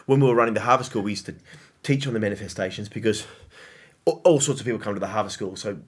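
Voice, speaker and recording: A man hosting a podcast in casual chat, telling stories in an animated way with quick restarts. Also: on the low side, slightly rough. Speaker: podcast host.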